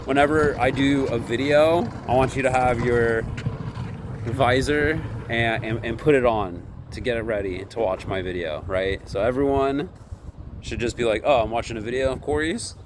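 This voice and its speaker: A man who vlogs about his candy vending business talks casually to camera in a mid-range voice over background noise. He rambles, tacks "right?" onto almost every sentence, and acts out the quoted dialogue as he retells events.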